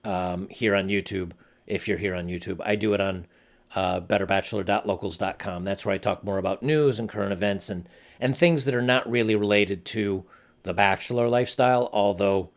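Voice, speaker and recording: A man's voice: lowish voice, a little fast. A man hosting his own channel, talking earnestly and somberly in a casual commentary monologue, often restarting his sentences. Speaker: channel host.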